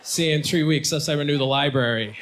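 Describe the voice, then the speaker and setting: A fast-talking stand-up comedian with a voice on the high side delivers punchy, self-deprecating material. The live show recording picks up a loud crowd, noise and audience laughter.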